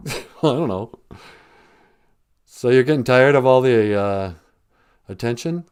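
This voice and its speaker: A man's voice: mid-range voice, expressive, measured pace, long pauses, a little mellow. A man hosting a comic call-in sketch, laid-back and chuckling. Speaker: comedy show host.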